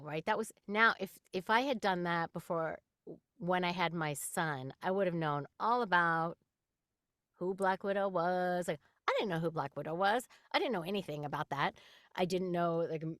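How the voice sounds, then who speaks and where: A middle-aged woman from New York, a voice actress guest chatting in an interview, animated and quick to laugh while acting out quotes. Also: fairly low pitch, no room sound, clean studio sound. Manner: animated storyteller, laughs often, acts out quotes. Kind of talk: casual interview chat.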